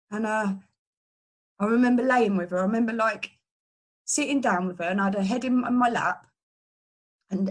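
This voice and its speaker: Middle-aged woman, earnest and halting, personal recovery testimony, many fillers, average pitch. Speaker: person in recovery sharing a story.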